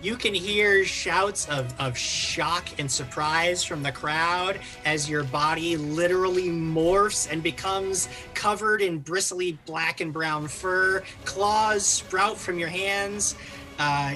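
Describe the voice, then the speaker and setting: Lively game master narrating a tabletop game. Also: mid-range voice. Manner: lively, animated narration with fillers.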